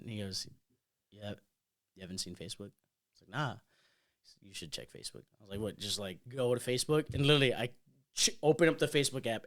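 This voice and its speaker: A man co-hosting a podcast, telling a story in casual chat and acting out what people said with loud, swearing bursts. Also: mid-range voice. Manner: animated, acts out quotes with loud swearing bursts. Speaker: podcast co-host.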